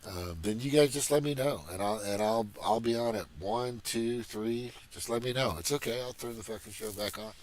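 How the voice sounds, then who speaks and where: A man's voice: medium pitch, moderate pace, hardly any pauses. A middle-aged man from Missouri hosting a livestream, talking in a profane, rambling, agitated political rant. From Missouri, USA. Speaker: livestream host.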